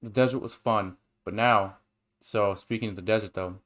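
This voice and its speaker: A young man co-hosting a casual chat and telling stories in a rambling, excitable, profane way. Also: lowish voice, normal speed. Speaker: podcast co-host.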